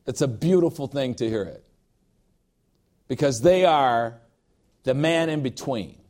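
A pastor preaching a sermon in an emphatic, emotional way, with personal asides and repeated phrases. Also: male voice, medium pitch, animated, measured pace, darkish tone.

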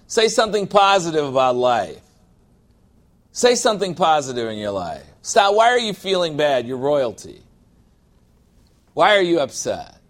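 A man's voice: fairly high pitch, fairly bright tone. A pastor preaching a sermon in a loose, conversational style, calling for amens from the congregation and briefly mimicking people as he talks.

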